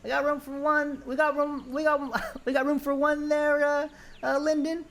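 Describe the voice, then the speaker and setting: A man voicing a boisterous male cart driver with a hearty, shouty manner. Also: very high-pitched, little pitch movement, normal speed, pitched above the performer's own voice. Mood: jolly.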